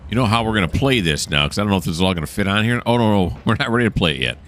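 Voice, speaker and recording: A man's voice: on the low side, animated, very fast, fairly bright tone, slight background noise. A man narrating a train simulator game as he plays, thinking aloud and correcting himself. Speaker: gameplay commentator. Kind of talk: relaxed let's-play narration.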